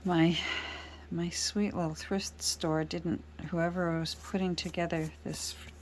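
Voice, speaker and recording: A woman chatting casually as she works in her craft studio, rambling gently with many fillers. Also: lowish voice, level tone, a little slow, a little hiss or hum. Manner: chatty, rambling, soft-spoken with frequent fillers. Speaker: junk journal crafter. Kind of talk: casual chat while crafting.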